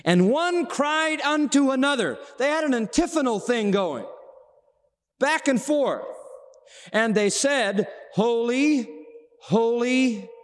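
This sermon comes from a man with a theatrical style who performs the quoted lines and shifts between soft, low moments and soaring exclamations. The sound carries a long reverb, like a large hall.

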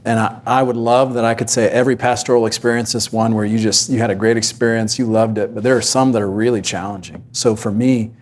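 A pastor candidly telling a personal story of hardship on a panel. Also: male voice, lowish voice, flat delivery, fast, hardly any pauses, slight background noise.

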